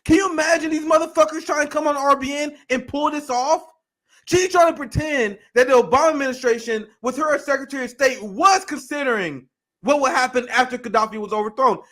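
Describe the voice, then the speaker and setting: High-pitched, heated male ranter. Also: brisk. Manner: heated, profane, animated ranting. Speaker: political commentary host. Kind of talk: livestream reaction commentary.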